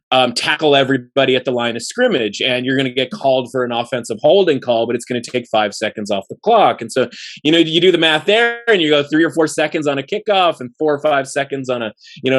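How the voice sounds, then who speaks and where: A man's voice: mid-range voice, fast talker, fairly bright tone. A man co-hosting a sports betting podcast, talking in a loose, rambling way and leaning on fillers like "you know" and "like". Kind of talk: casual podcast chat.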